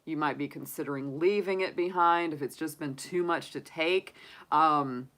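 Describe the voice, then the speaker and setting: Woman reading tarot live, low and bright-toned, chatty with frequent laughter. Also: normal speed. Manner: chatty, laughs often, animated asides. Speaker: tarot reader.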